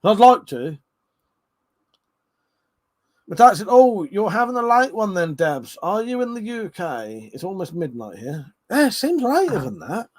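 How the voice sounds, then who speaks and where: Slightly drunk guy on a live stream, loose and sweary, voice sits a bit high. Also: very animated, normal speed, hardly any pauses. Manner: loose, laughing, swears freely, reads chat aloud. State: tipsy. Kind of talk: casual chat with viewers.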